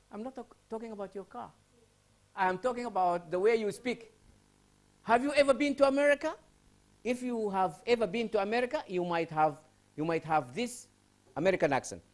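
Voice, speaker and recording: A man from Sudan lecturing on English grammar in a university studio. His pitch swings widely as he talks. He keeps repeating phrases and firing rhetorical questions at the class. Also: expressive. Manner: repetitive, rhetorical questions, drawn-out emphasis.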